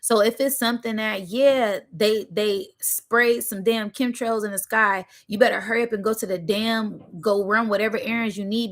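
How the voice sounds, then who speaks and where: A woman's voice: medium pitch, fairly bright tone. A young adult woman hosting a spiritual channel, giving an emphatic, preachy monologue full of cursing and repeated "right?" and "y'all", emotional and close to tears. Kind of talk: passionate livestream monologue.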